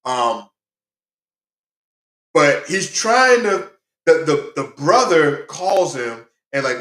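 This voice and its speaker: Man, slightly high voice, chatty reviewer who rambles, echoey room. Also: slow, pauses often. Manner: rambling and excitable, many fillers and restarts. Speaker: movie reviewer. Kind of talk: casual movie review.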